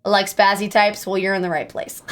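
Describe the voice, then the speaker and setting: A young woman streaming live, chatting casually with viewers in a bubbly, self-deprecating way and breaking into squeaky exclamations. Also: level tone, moderate pace, fairly bright tone.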